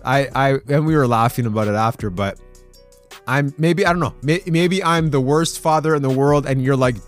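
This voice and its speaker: A man's voice: on the high side, animated, normal speed, faint music behind. A man hosting a devotional podcast, telling stories in a chatty way and laughing often. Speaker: podcast host.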